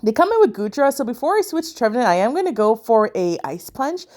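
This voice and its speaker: Chatty woman with a lively pitch. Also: fast talker. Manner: chatty, unsure, thinks aloud with fillers. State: sleepy, yawning. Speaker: gaming channel host. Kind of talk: casual gameplay commentary.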